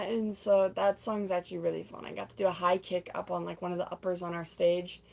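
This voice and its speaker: A young woman on a livestream casually retelling a stage musical she performed in, talking in a rambling way full of "like" and "um", sometimes laughing and putting on squeaky voices for characters. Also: flat delivery, normal speed, vocal fry, darkish tone. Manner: chatty, full of "like" and "um", laughs often, acts out lines in squeaky voices.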